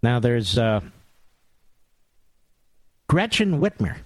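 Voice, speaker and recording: A man's voice: mid-range voice, big pitch swings, extremely slow, no echo. A man hosting a talk radio monologue, sarcastic and mocking, with big theatrical swings in tone.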